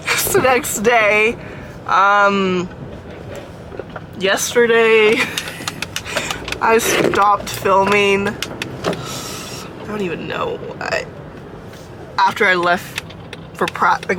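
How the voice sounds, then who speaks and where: A woman's voice: mid-range voice, extremely slow, pauses often, noisy background. A young woman chatting casually in a vlog, out of breath, rambling with lots of likes and restarts. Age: young adult. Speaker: vlogger.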